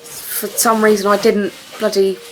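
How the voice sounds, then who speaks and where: A woman's voice: mid-range voice, flat delivery, measured pace, music in the background. Chatty young woman vlogging. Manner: chatty and rambling, with frequent fillers. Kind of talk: casual chat to camera. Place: home.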